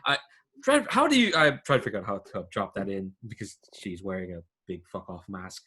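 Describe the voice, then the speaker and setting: A man's voice: on the low side, huge pitch swings, a little fast, bright, forceful tone, slightly rough. Rambling man running a tabletop game. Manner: rambling, full of fillers and restarts. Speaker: game master. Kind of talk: casual tabletop game narration.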